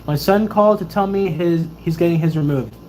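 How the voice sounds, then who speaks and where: A woman's voice: on the low side, brisk, a little hiss or hum, low-quality recording. A woman in her twenties, a Navy sailor, chatting casually on a livestream Q&A and telling stories with lots of laughter. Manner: animated, laughing storyteller.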